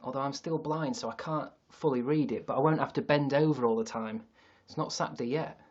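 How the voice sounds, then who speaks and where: A man's voice: mid-range voice, brisk, muffled recording. A man with a Yorkshire accent, rambling and self-mocking on a casual livestream from an attic, with some swearing. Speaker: livestream host. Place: sister's attic.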